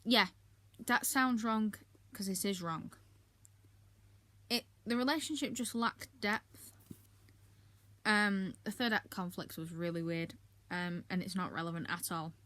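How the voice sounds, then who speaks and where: A woman talking through the books she read this month in a relaxed, candid way. She fills her sentences with ums and throws in blunt little asides. Her pitch sits in an ordinary middle range for a woman. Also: measured pace. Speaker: book reviewer. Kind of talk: casual monthly reading wrap-up.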